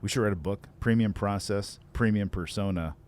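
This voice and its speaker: A man's voice: on the low side, normal speed, darkish tone, slight background noise. A middle-aged man co-hosting a conversational podcast as a sales consultant, joking, laughing easily and giving blunt advice.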